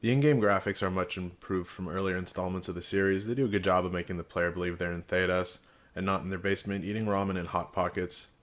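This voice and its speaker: A man with a strikingly deep voice reviews a video game casually, talking fast in a steady tone. He's blunt and sarcastic, dropping in dry jokes.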